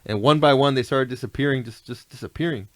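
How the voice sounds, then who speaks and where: A man's voice: mid-range voice, fast talker, a bit bright, no room sound. A man telling stories in a laid-back, rambling way, often asking "you know what I mean". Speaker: guest. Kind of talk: casual storytelling chat.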